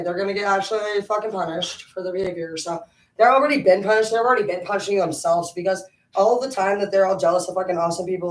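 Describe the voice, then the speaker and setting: A woman rambles on at home with frequent swearing, her talk loose and animated. Her voice rings in an echoey room and sits some distance from the mic. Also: on the low side. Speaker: vlogger. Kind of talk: rambling casual monologue. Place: home, indoors.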